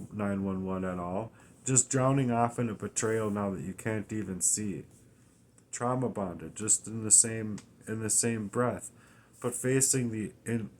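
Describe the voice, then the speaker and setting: A weary, distressed man talking through his troubles in a raw, halting personal monologue, often restarting and swearing. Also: lowish voice, a little mellow, slight background noise. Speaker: vlogger.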